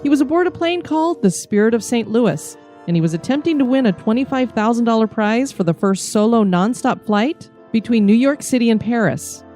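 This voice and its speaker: A woman co-hosting a podcast, giving a steady, informative scripted history narration. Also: a little high, fairly quick, hardly any pauses, faint music behind. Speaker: podcast co-host.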